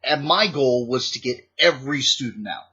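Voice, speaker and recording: Guy doing a chill storytime vlog, bright punchy voice, kinda muffled lo-fi audio. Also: mid-range voice, moderate pace, breathy edge. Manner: animated, playful storytelling with repeated restarts. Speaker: vlogger, former teacher in Japan.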